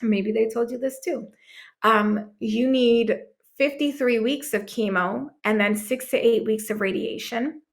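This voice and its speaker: A woman in her thirties, a podcast guest, telling a personal story emphatically, with dramatic pauses. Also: fairly high pitch. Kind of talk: storytelling in a conversation.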